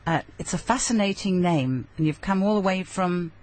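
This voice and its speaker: A woman's voice: lowish voice, animated, moderate pace, a little mellow. A woman presenting a radio interview in a studio, effusive and encouraging with her guest.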